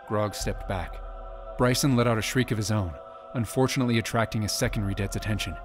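A man's voice: fairly low pitch, a little fast, faint music behind. A man giving a dramatic scripted narration of an audiobook. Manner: dramatic storytelling.

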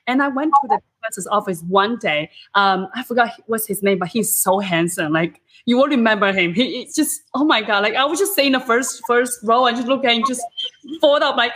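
Woman host, high voice, excitable chat over a video call, swears freely. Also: brisk. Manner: animated, exclaiming, casual swearing. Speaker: podcast host. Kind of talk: casual interview chat.

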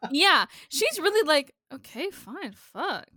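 Woman co-host, high bright voice, bouncy pitch, jumps in with jokes and swears. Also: sing-song, takes it slowly. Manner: chimes in with short agreements and jokey asides, swears. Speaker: podcast co-host. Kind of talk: casual chat.

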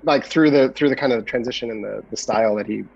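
A young man who is an actor guest, chatting casually on a podcast. He talks thoughtfully and often restarts mid-sentence. His voice sits at an everyday male pitch. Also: fast talker, creaky, a little mellow, dull audio, slight background noise. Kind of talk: casual interview chat.

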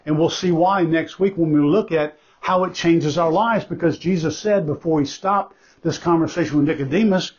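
A pastor with a slightly high, husky, somewhat mellow male voice delivers a sermon at a moderate pace. He is earnest and emphatic, returning again and again to his key phrases, and the recording is dull and lo-fi.

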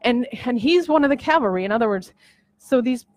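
A woman's voice: on the high side, expressive, fairly quick, no echo. A woman hosting her own podcast, talking through a list in a casual, emotional, rambling way with lots of restarts. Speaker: podcast host. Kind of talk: casual vlog monologue. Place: at home on a treadmill.

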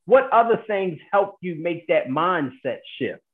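High-voiced man on a tinny line. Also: expressive, a little slow. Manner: encouraging, affirming interjections. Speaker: podcast host. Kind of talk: conversational interview.

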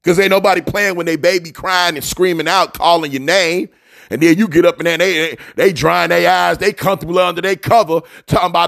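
A man's voice: high voice, steady tone, brisk, creaky, a bit bright. A man hosting a motivational radio talk. He preaches in a fiery, slangy cadence, calls his listeners family, and repeats his key lines for emphasis.

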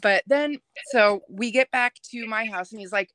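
A woman's voice: on the high side, normal speed, no room sound. Chatty woman telling a story. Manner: chatty, animated, laughs while telling. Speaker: podcast guest. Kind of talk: casual storytelling.

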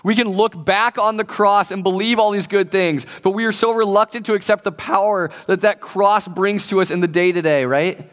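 Young male pastor, slightly high voice, conversational and playful, long hall reverb. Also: fairly even intonation, normal speed, few pauses, a bit bright. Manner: conversational, joking, acts out quoted voices. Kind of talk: casual sermon to young people.

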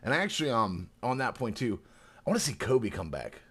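A man chatting as a podcast guest, retelling scenes with animated, slangy, swearing energy. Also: mid-range voice, fairly quick, slightly rough. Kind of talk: casual chat.

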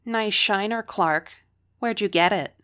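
A woman voicing a mean, snide teenage girl who taunts loudly. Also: mid-range voice, normal speed, pitched above the performer's own voice, lightly acted. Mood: taunting. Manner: taunting, sharp and loud. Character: mean popular teen girl, snide bully.

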